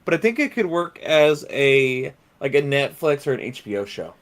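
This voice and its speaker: A man co-hosting a casual pop-culture podcast, talking in an excitable, opinionated way and swearing freely. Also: mid-range voice, normal speed. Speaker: podcast co-host. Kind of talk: casual chat.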